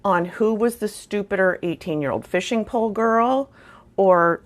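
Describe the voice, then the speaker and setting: A woman's voice: medium pitch, moderate pace. A middle-aged woman telling a funny personal story in a casual, wry, self-deprecating way, with chatty fillers. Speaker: storyteller vlogger.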